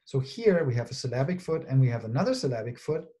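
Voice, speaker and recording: A man delivers an academic conference presentation in a mellow, relaxed voice. He explains his points step by step, often pausing on "um" and checking in with "right?". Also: mid-range voice. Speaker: linguistics researcher presenting a talk.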